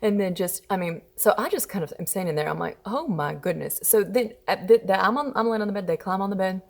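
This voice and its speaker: A woman's voice: medium pitch, quick pace, vocal fry. Chatty mom in her thirties giving parenting advice. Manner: chatty and expressive, acting out her children's whiny voices. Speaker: parenting vlogger and mother. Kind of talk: casual storytelling advice.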